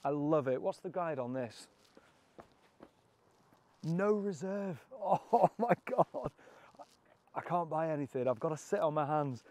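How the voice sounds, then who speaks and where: Excitable British car vlogger, higher voice. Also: male voice. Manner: enthusiastic, cheeky and jokey. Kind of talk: walkaround presenting. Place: classic car auction.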